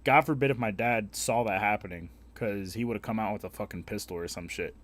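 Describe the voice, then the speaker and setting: A young man streaming a game, telling a story in a blunt, heavily profane, animated way. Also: on the low side, a little fast. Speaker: live streamer. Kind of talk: casual storytelling while gaming.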